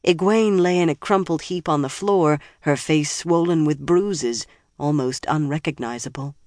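Steady, dry audiobook narrator. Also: mid-range voice, moderate pace, no room sound. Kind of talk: scripted fantasy narration.

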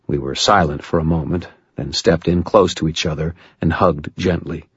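A man narrating a first-person audiobook in a measured, low-key way. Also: steady tone, slightly rough, no room sound, lo-fi sound.

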